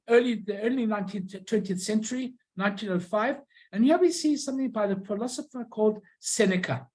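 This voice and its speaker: A presenter giving an informal illustrated talk on old stamps and postcards, pausing often, restarting phrases and correcting themselves. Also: medium pitch, a little mellow, rough recording. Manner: halting, many restarts and self-corrections.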